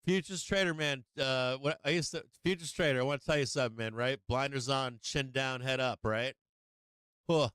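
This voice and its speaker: Fairly even in intonation, a middle-aged man's medium-pitched voice comes across smooth and fairly bright at normal speed over a dry recording. He hosts a market live stream from home, chatting casually and at length while naming viewers as he greets them.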